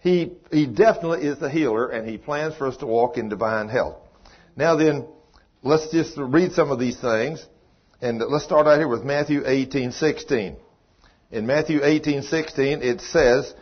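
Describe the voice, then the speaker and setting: An older man with a drawl delivers a folksy sermon. His voice is a bit husky and leaps up on emphatic lines. The recording sounds dull and lo-fi. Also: medium pitch, moderate pace. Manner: folksy, emphatic preaching with rising exclamations. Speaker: preacher. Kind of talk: sermon teaching.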